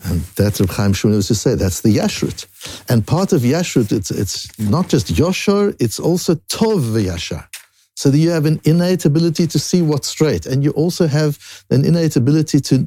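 Man, Talmud teacher; gravelly, mellow, dry close sound, restarts and climbs in pitch for emphasis. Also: no room sound. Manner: animated rising emphasis, frequent restarts, Hebrew and Yiddish terms. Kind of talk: Daf Yomi Talmud lesson.

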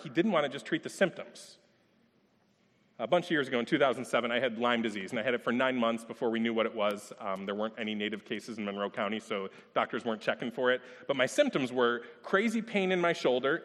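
A man preaching a sermon in a relaxed, conversational way, telling personal stories and asking rhetorical questions. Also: a little high, long reverb tail. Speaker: pastor.

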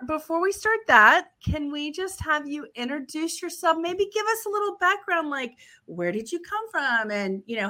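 A woman hosts an interview in a chatty, upbeat way and laughs easily. Her voice sits fairly high. She takes her time, drawing out her words. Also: pushed and bright. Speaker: podcast host. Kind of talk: friendly interview chat.

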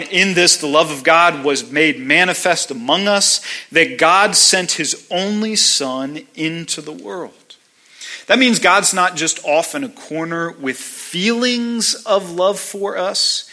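A man preaching a sermon to a congregation, deliberate and emphatic, building through repeated phrases. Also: a little high, sharp tone. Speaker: pastor.

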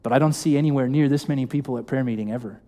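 A man's voice: mid-range voice, rapid-fire, mellow. A young man preaching a sermon in a church, speaking casually and asking the congregation questions. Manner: conversational, asks the congregation questions. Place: church hall.

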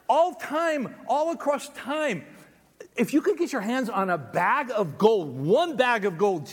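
A man preaching a sermon, reading scripture and breaking off into animated, conversational asides to the congregation. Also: high-pitched. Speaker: pastor. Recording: long hall reverb.

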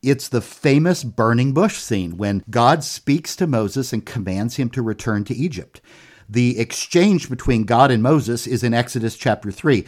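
A man co-hosting a Bible study podcast, his voice at an ordinary middle pitch. He retells the story in a measured, steady way. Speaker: podcast co-host. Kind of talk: scripted Bible study talk.

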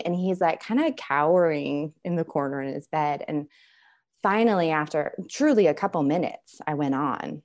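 Low-voiced woman in her thirties, podcast guest, candid storyteller. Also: normal speed. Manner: candid, animated storytelling with laughs and fillers. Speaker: life and parenting coach, guest.

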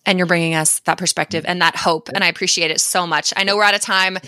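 A woman's voice: on the low side, fairly even intonation, fast, bright, forceful tone, no echo, clean studio sound. A woman hosting a podcast, upbeat and affirming, chatting with a guest and then wrapping up the episode. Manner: upbeat, affirming, many short back-channel replies. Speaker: podcast host. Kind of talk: casual interview and closing talk.

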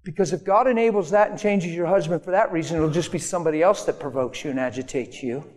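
A man's voice: fairly high pitch, quick pace. Male preacher in an echoing hall. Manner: animated storytelling, acting out quotes in raised voice. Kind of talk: sermon. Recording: long hall reverb.

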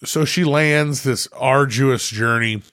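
A man's voice: medium pitch, slow pace, dry recording, studio quality. A man hosting a casual chat, telling stories with lots of swearing and laughter. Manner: animated storyteller, swears a lot, laughs often. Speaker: podcast host.

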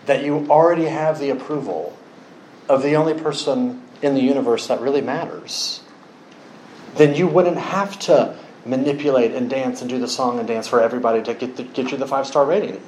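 A man preaching a sermon, telling a story with lively acted-out quotes. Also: medium pitch, moderate pace, roomy sound, a little hiss or hum, poor audio. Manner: animated storytelling, acts out quoted voices.

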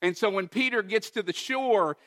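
Male pastor, preaching, high voice, bright and forceful tone, lively storytelling. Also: moderate pace. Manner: animated storytelling with emphatic quoted dialogue. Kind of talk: sermon.

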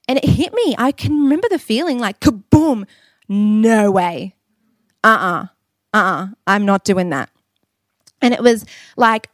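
A woman's voice: a little high, animated, unhurried, pauses often, dry recording. Australian woman preaching with candid humor. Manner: candid, humorous storytelling with laughs. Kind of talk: sermon.

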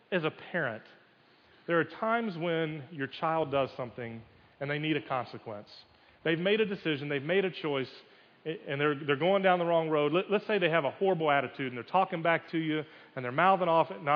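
Folksy pastor preaching in an echoing hall. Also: male voice, fairly high pitch. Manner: folksy, addresses the congregation with rhetorical questions, repeats words. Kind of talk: conversational sermon. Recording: dull recording in a reverberant hall.

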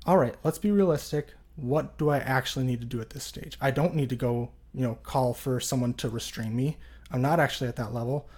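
A man in his thirties speaks as a podcast guest, earnest and reflective. His voice sits at a middle pitch, and he talks in a relaxed, unscripted way with frequent fillers. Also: fairly quick, breathy edge. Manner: earnest, reflective, many "you know" fillers. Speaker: podcast guest, jail chaplain. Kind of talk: casual interview talk.

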